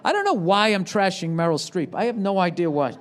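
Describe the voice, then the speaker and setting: A man's voice: high-pitched, big pitch swings, fairly quick, a faint crowd. Profane ranting male stand-up comic. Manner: profane, sarcastic ranting with shouted bursts. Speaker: stand-up comedian. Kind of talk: live stand-up rant. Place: large live venue with audience. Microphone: handheld microphone.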